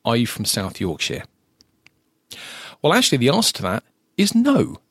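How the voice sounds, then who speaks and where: Chatty but hesitant, a southern English man hosting a podcast keeps restarting his thoughts and filling pauses, mentioning he's lived ten years in his current home. His mid-range voice swings widely in pitch at a moderate pace, sounding a bit bright and slightly rough, in clean studio audio without room sound.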